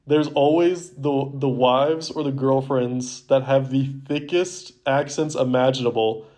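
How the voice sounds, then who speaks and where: A man's voice: mid-range voice, steady tone, measured pace, a little mellow. A young man in his twenties, co-hosting a casual podcast, rambling with many "like" fillers. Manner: rambling, heavy use of "like" fillers. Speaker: podcast co-host. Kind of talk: casual chat.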